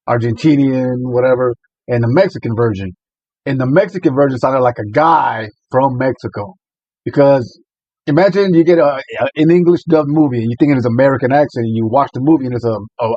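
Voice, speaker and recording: A man's voice: medium pitch, a little mellow, dry recording, lo-fi sound. A man hosting a reaction video, chatting casually and rambling about what he watches. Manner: chatty, rambling, laughs a lot. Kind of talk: casual commentary.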